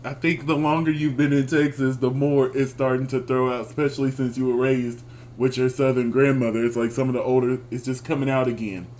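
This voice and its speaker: A man co-hosting a casual review podcast, chatting with a friend in an animated, expressive way. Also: mid-range voice, fairly quick, slight background noise. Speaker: podcast co-host. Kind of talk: casual chat.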